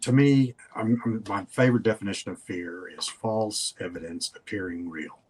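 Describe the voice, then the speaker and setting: A man's voice: lowish voice, moderate pace, darkish tone, slightly rough. An older man, a guest in a casual interview, telling stories in a folksy, rambling way.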